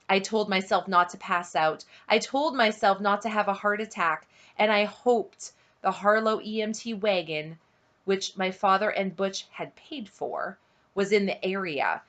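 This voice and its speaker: A woman reading a novel aloud at home, unhurried and dramatic, dropping to a hush at tense moments. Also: mid-range voice. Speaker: audiobook reader on her channel.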